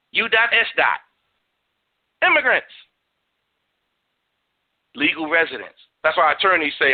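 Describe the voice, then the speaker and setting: A man's voice: high voice, narrow, tinny audio. A man hosting a radio talk show, preaching and cursing in a stream of rhetorical questions.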